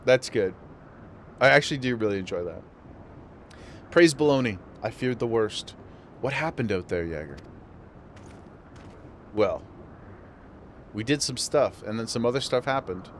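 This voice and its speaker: A man's voice: mid-range voice, expressive, a little slow, long pauses, a little hiss or hum. A man streaming a game, chatting casually with viewers and laughing often. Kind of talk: casual live-stream chat while gaming.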